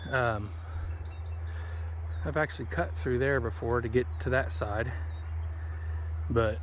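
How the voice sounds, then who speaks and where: A man's voice: mid-range voice, unhurried, pauses often, slight background noise. Folksy man vlogging outdoors by a river. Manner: folksy, chatty, jokey. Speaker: fishing vlogger. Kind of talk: casual vlog narration.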